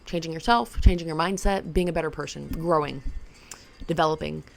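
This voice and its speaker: A woman's voice: sits low, fairly quick, gravelly, a little hiss or hum. A woman vlogger talking casually and playfully to camera about self-improvement, rambling with lots of "like". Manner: rambling and playful, heavy use of "like".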